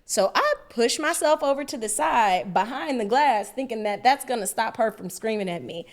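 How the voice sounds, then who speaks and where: Animated woman telling a story. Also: fairly high pitch, moderate pace. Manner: animated, acts out voices in the story. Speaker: podcast co-host. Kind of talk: casual storytelling chat.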